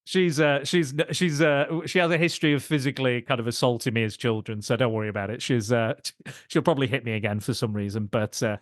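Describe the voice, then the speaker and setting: A man's voice: mid-range voice, steady tone, fast talker, no room sound, clean studio sound. A man co-hosting a podcast, telling stories and chatting about a film in a jokey, self-deprecating way. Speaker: podcast co-host. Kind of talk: casual film discussion.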